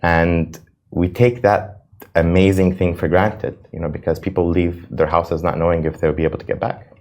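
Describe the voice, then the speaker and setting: A man's voice: deep voice, little pitch movement, normal speed, darkish tone. A man, a reality show cast member and cafe owner, answering interview questions earnestly and repeating words when he is moved. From United States.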